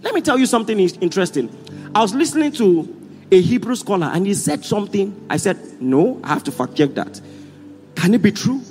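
Male Nigerian pastor, high animated preaching voice, rousing call-and-response, hall echo with faint music underneath. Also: a little fast. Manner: rousing call-and-response, often shouting to the congregation. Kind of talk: sermon.

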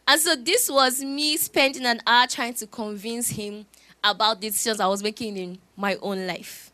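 A woman, preaching a sermon through lively storytelling. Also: on the high side, fairly quick, no room sound. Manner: animated storytelling with laughs.

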